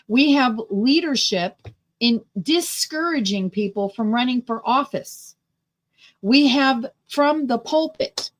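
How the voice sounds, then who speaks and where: A middle-aged woman hosting a radio talk show, telling a story in an indignant, emphatic monologue. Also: a little high.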